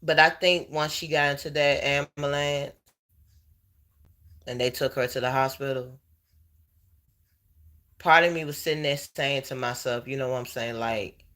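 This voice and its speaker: A man in a heartfelt personal chat with his viewers, tearful, halting and emotional. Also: medium pitch, fairly even intonation, bright, forceful tone. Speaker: vlogger.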